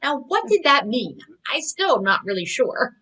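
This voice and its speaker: A woman's voice: high voice, sing-song, normal speed, pushed and bright, husky, poor audio. A middle-aged woman, a communication coach, giving a live online talk in a conversational, reflective way with personal stories.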